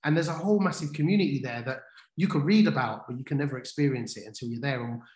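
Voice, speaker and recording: A man's voice: mid-range voice, fast, a little mellow. A man co-hosting a livestream, telling stories in casual chat, full of restarts and fillers. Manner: chatty storyteller, many restarts and fillers. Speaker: livestream co-host. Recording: roomy echo.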